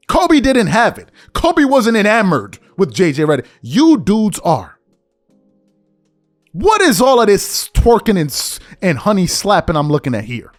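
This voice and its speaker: A man hosting a podcast, delivering a heated, confrontational sports commentary rant and calling his listeners out. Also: high voice. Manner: animated, confrontational, mocking, calls listeners out. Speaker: podcast host.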